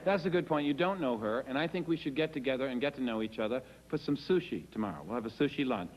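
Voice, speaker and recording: A man's voice: medium pitch, lively intonation, fast talker, big-room sound, lo-fi sound, noisy background. A man performing a wry, self-deprecating storytelling monologue and acting out the dialogue himself.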